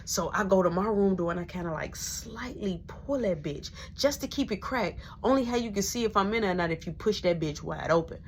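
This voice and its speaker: A woman's voice: mid-range voice, lively intonation, fairly quick, hardly any pauses, slight background noise. A young adult woman telling a profane, slangy personal story in a casual monologue, dropping into whispers when she quotes people.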